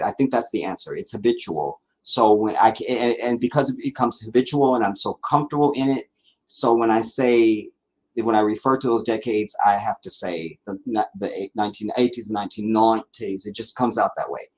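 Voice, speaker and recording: A man's voice: fairly low pitch, low-quality recording. A man hosting a casual live stream, chatting loosely with viewers, rambling, repeating himself and laughing easily. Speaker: livestream host. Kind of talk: casual live chat reading viewer comments.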